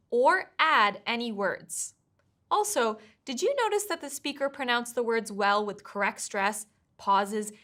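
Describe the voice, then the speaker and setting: A woman with a fairly high voice gives scripted test prep lessons. She speaks in a clear, measured, encouraging way, walking through each tip step by step. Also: pushed and bright. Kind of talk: scripted instructional narration.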